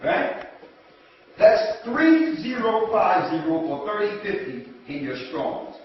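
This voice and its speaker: A high-voiced man leads a scripture study in slow, measured speech, calling on others to read and echoing their answers. He is caught from across a big reverberant room. The dull, lo-fi recording adds a faint hiss. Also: big pitch swings, recorded from a distance. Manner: prompting others to read and repeating their words. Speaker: Bible study teacher. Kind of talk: classroom scripture teaching. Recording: echoey room from afar, dull lo-fi.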